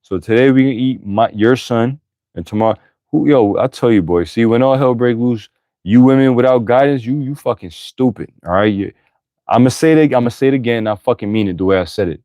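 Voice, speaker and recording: A man's voice: medium pitch, fairly quick, dark tone, no room sound. A man reading scripture aloud and breaking off into blunt, profane, emphatic commentary, with bursts of laughter. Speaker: Bible teacher.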